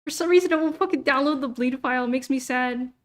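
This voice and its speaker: The young adult VTuber streamer speaks fast in a high voice, casually chatting on her livestream. She browses as she goes, muttering to herself and cursing without restraint.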